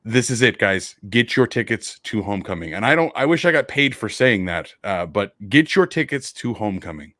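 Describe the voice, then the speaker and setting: A man's voice: on the low side, very animated, normal speed, hardly any pauses, a bit bright, no echo. Man, sports podcast co-host, impassioned, swears a lot, dry close sound. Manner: impassioned, profane, urging listeners. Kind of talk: casual sports podcast chat.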